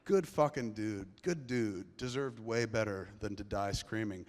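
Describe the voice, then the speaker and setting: A man's voice: fairly low pitch, measured pace. Profane man storytelling in a big hall. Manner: profane, rambling, swings between hushed and loud. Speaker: filmmaker telling a story on stage. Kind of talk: live stage storytelling. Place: large theater before a live audience. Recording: long reverb of a large hall.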